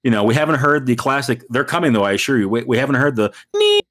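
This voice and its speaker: A man's voice: mid-range voice, very fast. A man narrating as game master in a loose, filler-heavy way. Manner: relaxed, wordy, with many fillers.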